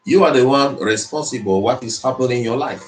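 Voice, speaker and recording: Motivational speaker, man, mid-pitched, preachy and repetitive, in an echoey room. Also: a little fast. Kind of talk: motivational speech. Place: speaking to an audience in the Philippines. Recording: roomy echo.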